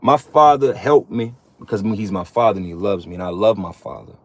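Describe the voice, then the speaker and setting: A religious vlogger in his thirties talks in a lowish voice with lively intonation and a brisk pace, recorded without echo. His monologue is profane street preaching aimed bluntly at other men, with "man" tacked onto many sentences.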